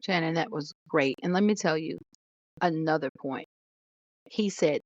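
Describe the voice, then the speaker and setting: A woman's voice: low-pitched, a little slow, pauses often, no room sound, highs cut off. A woman co-hosting a podcast, speaking in an emphatic, affirming way. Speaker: podcast co-host. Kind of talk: casual chat.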